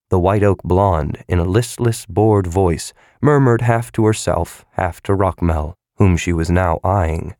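Low-voiced man narrating an audiobook. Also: normal speed, darkish tone, no echo, clean studio sound. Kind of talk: scripted narration.

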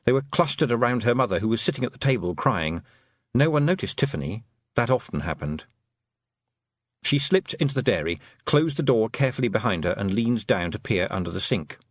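Expressive male audiobook narrator. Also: lowish voice, fairly quick, dry recording, studio quality. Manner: expressive, varied storytelling. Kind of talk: scripted narration.

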